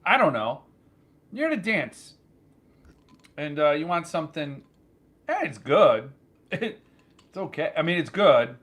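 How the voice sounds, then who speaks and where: Animated, joking man telling a story. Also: on the high side, measured pace, long pauses. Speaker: channel host. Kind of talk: casual chat.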